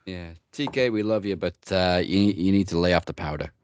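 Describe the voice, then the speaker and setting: A man's voice: low-pitched, a little fast, darkish tone, smooth, dull audio. A man co-hosting a wrestling podcast in casual, joking chat, running a points tally. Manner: wry, joking, runs the points segment. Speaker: podcast co-host.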